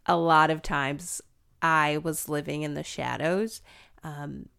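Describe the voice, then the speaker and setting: A woman in a reflective faith chat, talking in a searching way with restarts and quick laughs. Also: deep voice, steady tone, creaky, a bit bright, clean tone.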